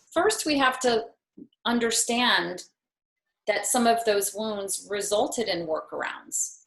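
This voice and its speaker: A fifty-something woman, a yoga teacher and guest on a talk show, recounts a personal story in an earnest, reflective manner, lightly poking fun at herself. Her voice is mid-range, creaky, and fairly bright, heard in an echoing room.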